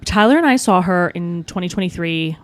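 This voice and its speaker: Animated young woman co-hosting a chat podcast. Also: lowish voice. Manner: animated storyteller, quick restarts, swears freely. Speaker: podcast co-host. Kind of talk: casual chat.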